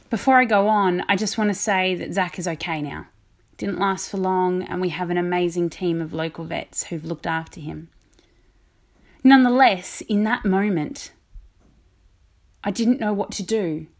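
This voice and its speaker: Woman vicar preaching a sermon, reflective and measured, middle pitch.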